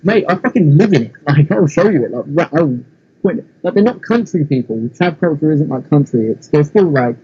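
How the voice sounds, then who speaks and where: Young man, English accent, husky, rambling sweary chat, dull lo-fi recording. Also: a little high, lively intonation, brisk, warm tone. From England. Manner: rambling, sweary, lots of fillers. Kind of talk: casual podcast chat.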